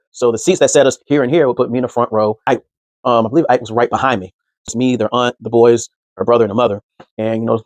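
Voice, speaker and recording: A man spins a casual personal story at a rapid clip, slipping into the voices of the people he quotes. His talk is loose and conversational, padded with easy fillers. The sound is dry and close, with no room around it. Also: medium pitch, no echo. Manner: animated, acts out quoted speech in others' voices. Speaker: podcast host.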